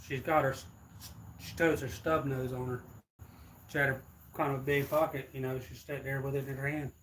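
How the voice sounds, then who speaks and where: A man's voice: mid-range voice, little pitch movement, moderate pace, fairly bright tone, a little hiss or hum, rough recording. A man telling a story to his viewers in a rambling, loose retelling on a livestream. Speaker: streamer. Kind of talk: casual storytelling.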